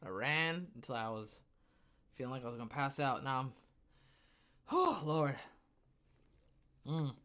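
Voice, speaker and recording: A man's voice: medium pitch, big pitch swings, a little slow, long pauses, pushed and bright. A man hosting his own podcast livestream, out of breath after the gym, rambling and talking to himself between topics. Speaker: podcast host. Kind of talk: casual livestream chat.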